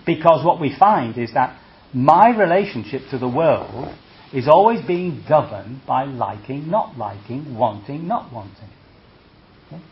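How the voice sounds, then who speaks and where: A Buddhist monk talks at a measured pace and medium pitch through a muffled recording. His dharma talk is conversational and lively, checking in with "see?" and "okay?" and acting out reactions with humor.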